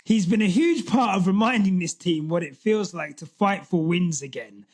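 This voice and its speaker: Male co-host, bright and animated, lively pitch, chatty podcast read. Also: moderate pace. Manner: animated, laughing, reads posts aloud. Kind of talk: casual podcast chat.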